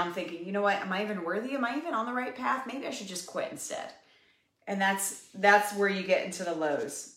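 A health coach, drawing on a whiteboard in a room at home, gives a live audience an upbeat, encouraging pep talk over a casual livestream, chatty and full of fillers. Her medium-pitched voice sounds bright and forceful, and the room is echoey.

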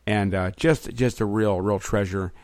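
Male podcast host, upbeat and chatty, low-pitched, dry recording. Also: fairly even intonation, a little slow, a little mellow, dry recording. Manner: upbeat, chatty, with frequent fillers. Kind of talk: casual podcast chat. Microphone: remote recording setup.

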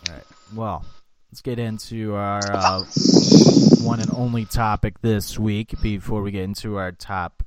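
A young man co-hosting a podcast, telling loose, profane stories in casual chat and loudly acting out what people said. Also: on the low side, steady tone, measured pace, noisy background. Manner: swearing storyteller, acts out quotes loudly. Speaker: podcast co-host.

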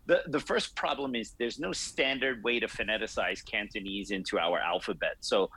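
Husky-voiced man explaining at length. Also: fairly low pitch, sharp tone, rough recording. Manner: explanatory, measured, laughs easily. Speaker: martial arts teacher. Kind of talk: interview answers.

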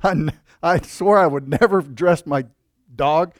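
A man's voice: fairly high pitch, unhurried, no echo. A man preaching a sermon in a conversational way, with asides and rhetorical questions to the congregation. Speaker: pastor.

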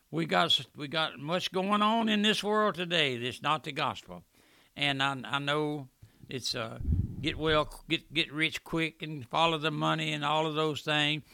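Older preacher man, gravelly and sharp. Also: fairly high pitch, no room sound. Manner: fervent preaching with loud swells and asides. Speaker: radio preacher. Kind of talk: radio sermon.

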